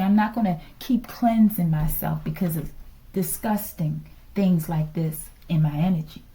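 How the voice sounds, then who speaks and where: A woman's voice: on the low side, mellow. A woman reading tarot in a casual vlog, talking emphatically and often checking in with her listeners. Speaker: tarot reader.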